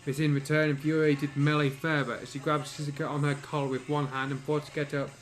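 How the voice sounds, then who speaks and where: Guy reading fan fiction, stumbly, fairly high voice, faint music under it. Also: level tone. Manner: halting, with stumbles and throat-clearing. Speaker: reader. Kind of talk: amateur story narration.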